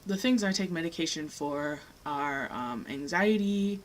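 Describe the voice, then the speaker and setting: Frank, low-voiced young woman vlogger. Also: lively intonation, unhurried, a little hiss or hum, low-quality recording. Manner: frank, earnest, swears, rising heat when making a point. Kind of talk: candid personal vlog.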